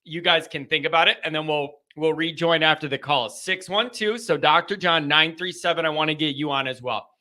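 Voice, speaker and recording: High, sharp-voiced man hosting live. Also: brisk, hardly any pauses. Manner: animated, rambling, openly anxious. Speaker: host of a live sports call-in show. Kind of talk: casual live chat.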